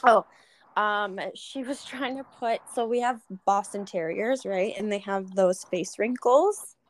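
A woman's voice: medium pitch, unhurried, rough recording. A young woman co-hosting a podcast, gossiping in casual chat and swearing freely. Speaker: podcast co-host.

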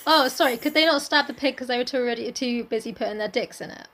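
Woman co-host, bright high voice, sarcastic casual chat, swearing. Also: fast, a little hiss or hum. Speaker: podcast co-host.

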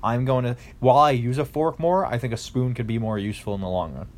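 Young man, mock-serious, argumentative, casual chat, mid pitch. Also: fast talker.

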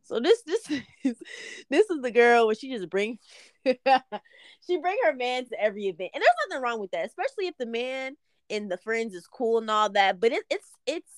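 A woman's voice: fairly high pitch, sing-song, moderate pace, no echo, clean studio sound. A young woman co-hosting a casual podcast chat, telling exaggerated, profane stories and bursting into laughter. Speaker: podcast co-host.

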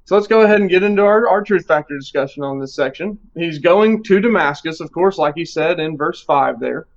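A man leading a live Bible study discussion, reading scripture aloud and talking in a relaxed way with fillers. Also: fairly high pitch, fairly quick, dull audio.

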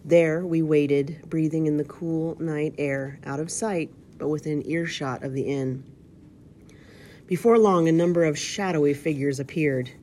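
A woman reading a children's storybook aloud, steady with occasional slips, calling out page numbers. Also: sits low, a little slow, a little hiss or hum. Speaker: reader.

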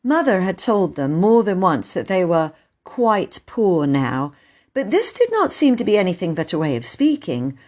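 Expressive woman reading a storybook. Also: fairly low pitch, normal speed. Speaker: narrator. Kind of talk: audiobook reading.

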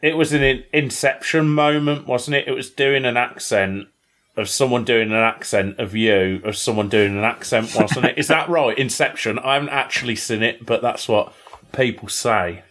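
A young British man co-hosts a podcast, bantering casually and teasing, often finishing lines with tag questions. His voice is medium-pitched and a bit bright, with fairly even intonation at a moderate pace.

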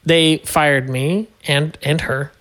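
A man's voice: on the high side, steady tone, slow pace, fairly bright tone. A man, a podcast guest, telling his story in casual conversation, laughing often and putting on voices for other people.

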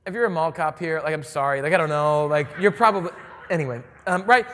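A male pastor with a high voice preaches in a loose, joking, conversational manner. His words carry a long reverb from a large hall. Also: fast talker, a bit bright. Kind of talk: sermon.

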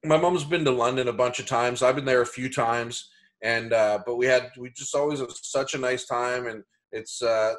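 A man's voice: mid-range voice, steady tone, moderate pace, a bit bright. A man hosting a podcast, talking in a casual, easygoing way. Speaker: podcast host. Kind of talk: casual chat.

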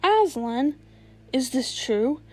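A woman's voice: high voice, unhurried, slightly rough. A woman voicing a cruel, imperious witch queen who speaks in a terrible, commanding voice, in a storybook reading. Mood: alarmed, commanding. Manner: commanding, terrible, loud outbursts.

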